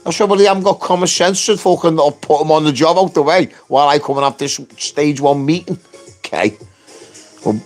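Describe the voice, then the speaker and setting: A loud, blunt man tells a work story in casual, cursing speech. His voice sits at an ordinary middle pitch and leaps up whenever he mimics the people involved. Faint music plays softly behind him. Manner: animated, jumps pitch to act out quotes. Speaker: construction worker telling his story.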